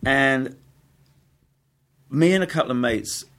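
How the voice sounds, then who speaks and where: A man's voice: mid-range voice, slow pace, a bit bright. A middle-aged man, an actor telling stories in a casual interview, rambling with restarts and frequent laughs. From England. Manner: rambling, self-correcting, laughs often. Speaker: actor, guest.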